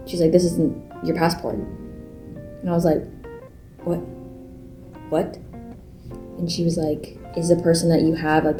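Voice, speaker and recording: In a fairly low, dark voice with vocal fry, a young woman vlogs casually to camera about her life as a bodybuilding competitor. She's chatty, leans on "like" constantly, and acts out how others reacted in her stories.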